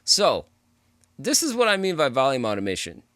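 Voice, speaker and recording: A man hosting a music production tutorial, explaining step by step in a relaxed, casual way as he works. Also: medium pitch, moderate pace, dry recording, clean studio sound. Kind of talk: casual screen-recorded tutorial.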